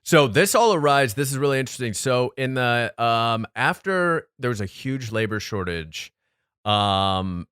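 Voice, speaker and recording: A man's voice: medium pitch, animated, a little slow, fairly bright tone, smooth, dry recording, studio quality. A man co-hosting a podcast, telling a history story in a loose, swearing, casual way. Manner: loose storyteller, swears freely, frequent ums.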